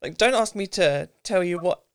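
A woman hosting a podcast in casual chat, relaxed and reflective with frequent "um" and "like". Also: lowish voice, moderate pace, smooth, no room sound, clean studio sound. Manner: relaxed and reflective, many "um"s and "like"s, light laughter. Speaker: podcast host.

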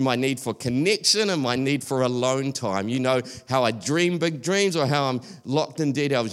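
A male preacher giving an earnest, conversational sermon, often restarting his sentences. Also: medium pitch.

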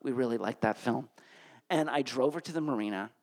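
A man from Connecticut telling a comic personal story on stage, his voice jumping high whenever he gets flustered. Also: a little fast. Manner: animated, voice jumps high when flustered.

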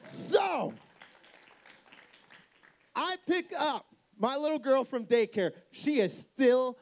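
A young man speaking live at a youth camp, joking with the crowd and telling a story with lively acted-out dialogue. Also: very high voice, takes it slowly. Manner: playful banter with the crowd; animated storyteller acting out dialogue.

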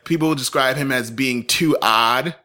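A man in his thirties co-hosting a casual chat show, animated and jokey, laughing often. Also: medium pitch, unhurried. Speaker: podcast co-host.

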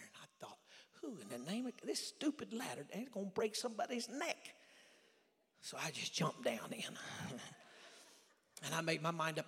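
Middle-aged evangelist, bright high voice, hushed storytelling that swells to shouted preaching, big church reverb. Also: male voice, creaky. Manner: storytelling, drops to near-whispers then builds to shouting. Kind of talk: sermon with personal testimony. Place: large church sanctuary. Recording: long hall reverb.

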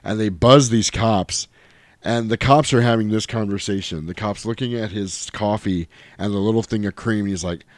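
A man with a fairly low voice talks casually and animatedly as he recaps a film. He swears freely and slips into high, goofy voices to mimic the characters. The sound is dry and close. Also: normal speed, no echo. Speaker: podcast host recapping a film. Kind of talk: casual chat.

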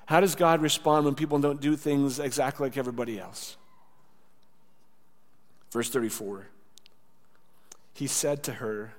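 A man preaching a sermon in a casual, conversational way. He acts out quoted lines and drops to a soft voice for tender words. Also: mid-range voice, fairly even intonation, slow pace, long pauses. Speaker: pastor. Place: church sanctuary. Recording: church hall with long reverb.

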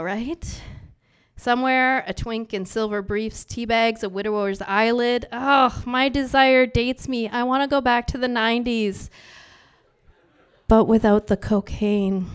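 Woman, spoken-word poet, live bar stage, brash, profane, playful banter, smooth clear voice. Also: a little high. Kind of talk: live poetry performance.

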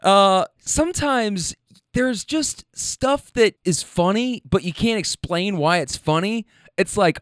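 A man's voice: sits high, lively intonation, unhurried, a bit bright, no room sound, clean studio sound. A man hosting a show, chatting loosely about clips he plays and laughing often between his rambling asides. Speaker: host reacting to clips. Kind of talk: casual commentary.

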